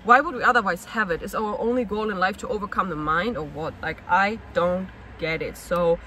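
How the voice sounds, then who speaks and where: A woman speaks in a personal confessional vlog, her voice bright and sharp. She sounds restless and searching, piling one question on the next as she talks things through. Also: medium pitch, a little fast, a little hiss or hum, poor audio. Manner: searching, restless, asks herself many questions. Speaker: actress and vlogger.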